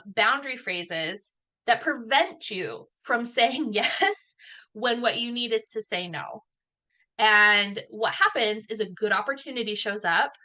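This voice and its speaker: A woman's voice: medium pitch, pushed and bright. A woman in her thirties giving a chatty, self-deprecating talk as a guest speaker, acting out the lines of people she quotes. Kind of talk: casual talk at an online event.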